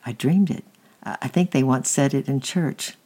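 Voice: medium pitch, moderate pace, warm tone, breathy edge, close to an everyday voice. A reader voicing an unhappy little boy who has been sulking and is sorry now, in a plain reading voice with small stumbles. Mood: wondering.

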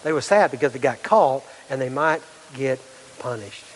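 A man's voice: mid-range voice, animated, normal speed. Middle-aged guy preaching, earnest, keeps asking the crowd questions, voice rings around a big hall. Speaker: pastor. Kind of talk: sermon. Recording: long hall reverb.

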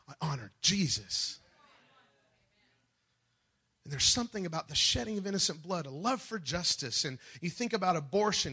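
A man preaching a sermon with passion, swinging between loud, rising peaks and soft, low drops, acting out quoted voices along the way. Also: husky. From United States. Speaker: pastor.

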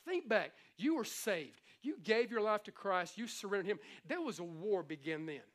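Speaking at normal speed, a middle-aged pastor delivers his sermon in a strikingly high voice. He keeps it lively and conversational, readily putting on playful impressions to drive his points home.

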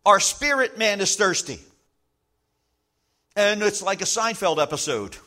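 A man preaching a sermon as pastor, emphatic, slowing down to stress key lines and acting out little everyday scenes. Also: high voice, lively intonation, bright, forceful tone.

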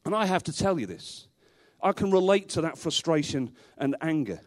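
A man's voice: fairly high pitch, sing-song, moderate pace. A male pastor preaching a sermon to a congregation in a church, emphatic, repeating rhetorical questions and dropping in dry humorous asides.

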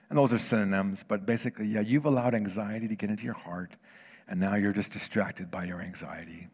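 Male pastor preaching in a reverberant hall; swings from near-whispers to loud bursts, with frequent restarts. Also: fairly low pitch, brisk, slightly rough. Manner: repeats words and restarts phrases. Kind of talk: sermon.

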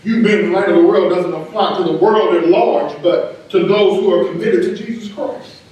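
A man preaching a sermon as pastor, emphatic and rising, with quick asides and laughter, in a church sanctuary. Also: high-pitched, a little mellow. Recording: echoey church hall, from a distance.

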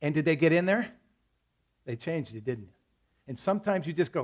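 Husky-voiced male pastor preaching. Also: on the high side, expressive, fairly quick. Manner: conversational preaching, storytelling with scripture quotes. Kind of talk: sermon. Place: church service.

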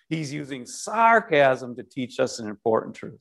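A pastor preaching a sermon, leaning on key words and speaking playfully and directly to the congregation. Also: male voice, medium pitch, sing-song, normal speed, creaky, few pauses, a bit bright. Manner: emphatic, lingering on key words.

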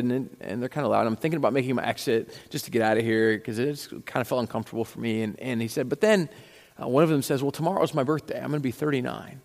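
A pastor telling a story in a reverberant hall. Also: male voice, medium pitch. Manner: retells a story with lively acted-out dialogue, restarts and repeats. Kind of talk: sermon storytelling.

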